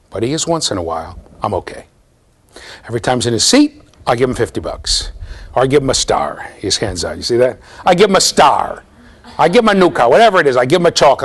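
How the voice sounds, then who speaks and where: A middle-aged man lecturing a large university class, playful and animated, talking straight to his students as he runs a live demonstration. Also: mid-range voice, a little fast.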